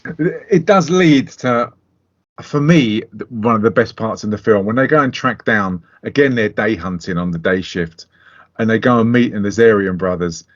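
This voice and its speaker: A man's voice: lowish voice, moderate pace. A middle-aged man co-hosting a casual film review podcast, blunt and sweary, often laughing. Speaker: podcast co-host. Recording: dull lo-fi podcast audio.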